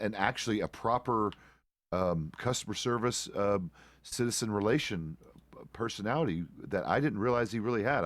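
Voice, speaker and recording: A man's voice: lowish voice, no echo, clean studio sound. A middle-aged man streaming a roleplay game, chatting casually in a rambling way, often correcting himself mid-sentence and swearing now and then. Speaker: streamer playing a deputy.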